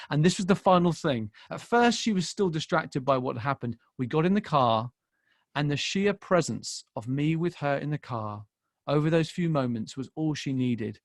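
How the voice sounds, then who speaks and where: A man in his forties preaching a sermon as pastor, telling a personal story and swinging between hushed and loud emphasis. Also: fairly high pitch, lively intonation, normal speed, no room sound, studio quality. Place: church.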